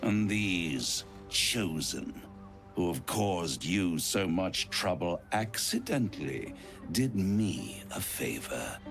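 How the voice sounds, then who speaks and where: An actor voicing an ancient scheming male devil in a video game, with a deep, theatrical, relishing drawl. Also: big pitch swings, slow, vocal fry, fairly bright tone, heavily acted. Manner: grand, relishing, mocking delivery. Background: game music.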